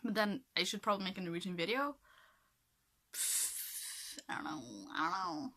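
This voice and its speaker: A young adult vlogger from Norway speaks in a mid-range, pushed and bright voice, sounding animated at a normal speed. Her casual to-camera chat wanders and is full of fillers like "like" and "um".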